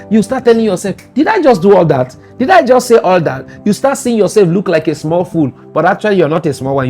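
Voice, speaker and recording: A man's voice: high voice, darkish tone. A Nigerian man giving a motivational talk, emphatic and repetitive, with teasing asides. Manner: emphatic, repetitive and teasing, sliding into mocking voices. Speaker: motivational speaker.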